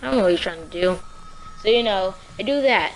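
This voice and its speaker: A woman casually telling a true story on her vlog in a rambling, slangy, animated way. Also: medium pitch, a little fast, a little hiss or hum.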